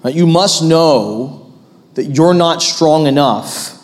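A man in his thirties preaching a sermon as pastor, animated and rising to loud, emphatic peaks. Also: on the high side, slow pace, big-room sound.

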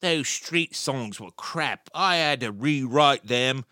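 A man voicing an arrogant male guitarist in a put-on Cockney accent, drawing out his words in a slow, dismissive way. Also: mid-range voice, lively intonation, bright, forceful tone, no echo, clean studio sound.

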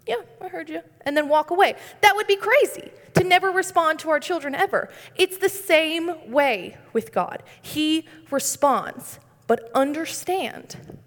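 A woman's voice: sits high, a bit bright. A young woman giving a conversational sermon, earnest and sprinkled with light humorous asides. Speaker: speaker giving a devotional. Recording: long reverb.

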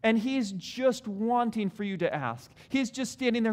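A man preaching a sermon in a hall, animated, acting out prayers in different voices. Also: sits high, normal speed, hardly any pauses. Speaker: pastor. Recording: long hall reverb.

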